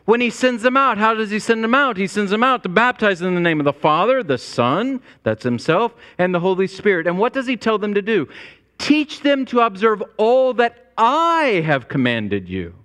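A man preaching a sermon as pastor, climbing to emphatic high peaks and then dropping low and quiet. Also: lively intonation, a little fast, hardly any pauses. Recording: long reverb of a large hall.

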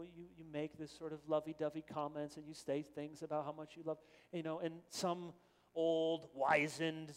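A middle-aged man preaching a sermon as pastor, earnest and animated, with quick stammered restarts. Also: fairly high pitch. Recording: long reverb of a church hall.

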